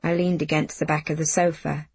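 A woman narrating a novel in the first person, in an unhurried, measured audiobook reading. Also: low voice, flat delivery, slightly rough, no echo.

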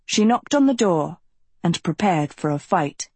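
A woman reads an audiobook aloud in a slow, measured storytelling manner. Her voice is breathy. The recording is close and dry. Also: on the low side, animated, darkish tone, no room sound. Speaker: narrator. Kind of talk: audiobook narration.

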